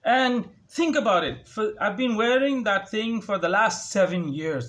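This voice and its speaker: A man's voice: high voice, expressive, measured pace, hardly any pauses, a bit bright. A young man ranting sarcastically at home into a phone, mimicking others with a raised voice. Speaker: vlogger. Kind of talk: casual ranting monologue. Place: home, indoors.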